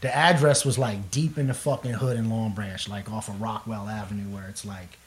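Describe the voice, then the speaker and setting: A man's voice: on the low side, fairly even intonation, fairly quick. Casting: young male musician, loose and profane, rambling storyteller in a casual chat. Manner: profane, rambling, laughs often. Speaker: guest musician.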